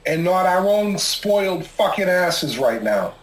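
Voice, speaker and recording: A man's voice: sits high, sing-song, measured pace. A man scolding two people in exasperation on a reality show, swearing heavily. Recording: roomy echo.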